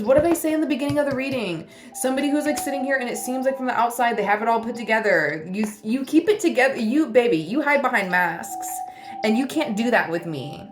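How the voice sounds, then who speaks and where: A woman giving a casual spiritual reading to camera, blunt and teasing, swearing often as she delivers tough love. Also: a little high. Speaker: tarot reader.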